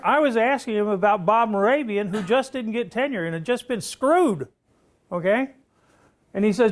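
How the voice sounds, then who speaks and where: In this classroom anecdote, a roughly seventy-year-old professor spins a long story for his students, frequently pausing to ask "okay?" His voice is high-pitched and he speaks at a moderate pace.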